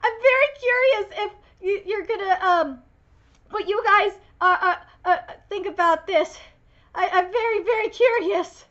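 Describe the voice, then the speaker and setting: Very high, bright-voiced excitable woman streamer. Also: a little slow, dull audio. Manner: effusive, loud, swears freely. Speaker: manga reaction streamer. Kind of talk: live reaction commentary.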